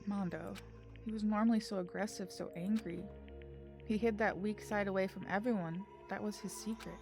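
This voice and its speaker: A woman's voice: mid-range voice, fairly even intonation, normal speed, gravelly. A woman streamer reading game dialogue aloud, with dramatic delivery and emotional reactions. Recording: music under the voice. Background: game music.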